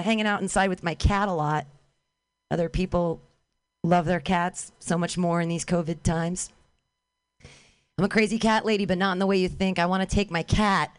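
A woman's voice: fairly low pitch, smooth, no room sound. A woman doing stand-up comedy outdoors on a street corner, calling out to passers-by and joking about herself. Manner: calls out to passers-by, self-mocking.

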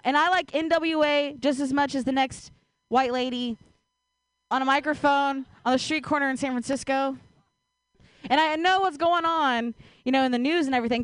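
High-voiced woman doing deadpan stand-up. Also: no echo. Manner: deadpan, self-deprecating, laughs between jokes. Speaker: stand-up comedian. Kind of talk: stand-up set.

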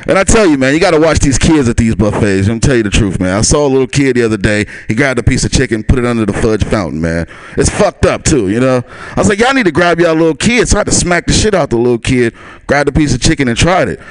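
A man's voice: medium pitch, lively intonation, fast, dry recording. A man working a stand-up set on a small club stage, his voice swinging up and down as he chuckles through his lines. He keeps talking to the crowd in a loose, easy way. The sound is dry and close on a handheld mic. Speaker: stand-up comic.

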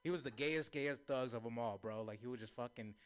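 Profane, rambling young stand-up comic. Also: male voice, mid-range voice, a little fast, smooth. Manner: loose, profane, rambling storytelling with laughs. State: high. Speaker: stand-up comedian. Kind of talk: stand-up set.

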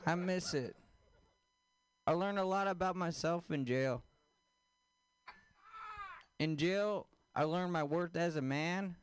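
High-pitched guy doing deadpan stand-up, slow and smooth, dry close sound. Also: no room sound. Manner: deadpan, crude punchlines, asks the audience questions. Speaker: stand-up comedian. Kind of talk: stand-up comedy set.

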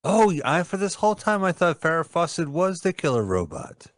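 A man's voice: fairly high pitch, sing-song, moderate pace. A man co-hosting a casual radio chat, joking and riffing on what his partner says. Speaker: radio co-host. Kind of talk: casual chat about movies.

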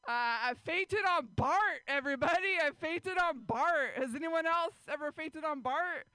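A woman performs stand-up with a high, bright voice. She chats with the crowd and laughs between her lines. The sound is dry and close. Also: measured pace, no room sound, low-quality recording. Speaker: stand-up comedian. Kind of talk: stand-up set. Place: small radio studio comedy show.

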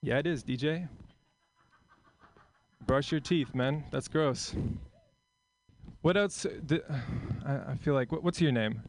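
A man's voice: fairly high pitch, slow, long pauses, a little hiss or hum. A man performing stand-up comedy on a club stage, chatting with the crowd and acting out characters. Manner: crowd work, acts out kids in voices. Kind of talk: stand-up set.

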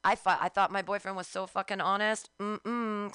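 A middle-aged woman co-hosting a frank, profane chat show, her rants animated and blunt. The sound is dry and close, with no room around her voice. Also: medium pitch, moderate pace, smooth, no room sound. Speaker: podcast co-host.

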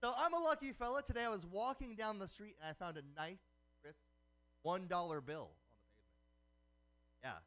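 A man doing a stand-up comedy set of quick puns, performed live for a radio show. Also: sits high, expressive, fairly bright tone. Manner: punning, quick joke delivery. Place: comedy night broadcast on radio.

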